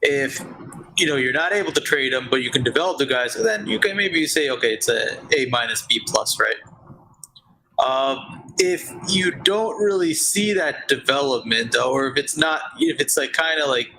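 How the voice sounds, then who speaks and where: A man's voice: medium pitch, expressive, moderate pace, sharp tone, a little hiss or hum, poor audio. A man joining a casual discussion over a video call, reasoning things out and checking in with "right?" often. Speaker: video chat guest.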